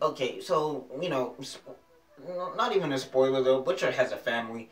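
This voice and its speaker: A man casually reviewing a TV episode in a vlog, excitable and slangy, often repeating phrases. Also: medium pitch. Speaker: TV show reviewer. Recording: roomy echo, distant mic, faint music.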